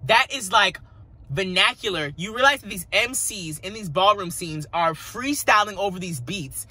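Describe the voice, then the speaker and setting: Excitable man with a bright, husky voice. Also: high-pitched, normal speed. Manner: excitable, dramatic, gushing fan with lots of slang. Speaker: music reaction vlogger. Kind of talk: casual music review.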